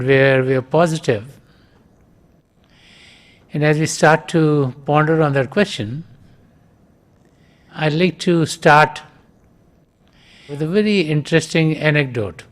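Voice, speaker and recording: A male spiritual teacher speaking to a wide audience in a calm, measured way. His voice sits a little high for a man. He talks very slowly, with frequent pauses and soft fillers between phrases. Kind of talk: spiritual talk.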